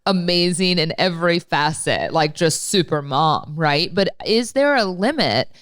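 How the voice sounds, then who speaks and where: A woman's voice: on the low side, expressive, a little slow, fairly bright tone, dry recording, studio quality. A woman co-hosting a podcast, telling stories in a candid, exasperated way and swearing often. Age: late 30s. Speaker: podcast co-host. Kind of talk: casual podcast chat.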